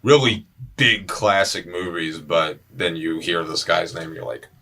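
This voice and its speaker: Bright-voiced young man chatting about movies. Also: low-pitched, a little slow. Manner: animated, joking, swears freely. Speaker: podcast host. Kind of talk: casual movie chat.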